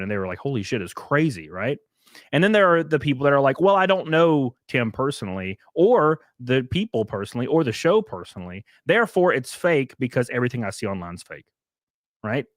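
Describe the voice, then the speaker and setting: A man streaming casual commentary, rambling and animated, swearing now and then, sounding worn down. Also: medium pitch, no room sound, clean studio sound. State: worn down, says he can barely function. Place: home studio.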